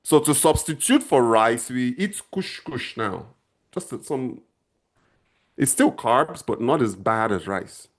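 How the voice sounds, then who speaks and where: A man's voice: mid-range voice, animated, slow pace. A middle-aged man from Nigeria, chatting casually on a livestream and talking straight to his viewers. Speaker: channel host answering viewers.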